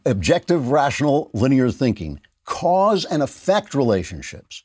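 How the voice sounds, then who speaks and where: A man's voice: medium pitch, sing-song, unhurried, darkish tone, husky, dry recording, studio quality. A middle-aged man hosting a podcast, delivering a sarcastic political commentary monologue and mocking his opponents' views. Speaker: podcast host.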